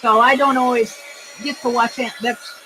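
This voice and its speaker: High-voiced chatty woman crafter. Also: steady tone, moderate pace, background noise. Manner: chatty, cheerful, thinks aloud while working. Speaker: craft vlogger. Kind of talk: casual crafting vlog chat. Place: home craft room.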